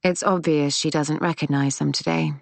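A woman reading a novel aloud in calm, measured narration. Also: low-pitched, creaky, dry recording. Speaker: audiobook narrator. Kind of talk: scripted narration.

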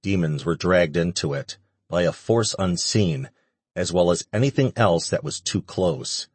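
A man reading a fantasy audiobook in steady scripted narration. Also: sits low, a little slow, slightly rough, no echo.

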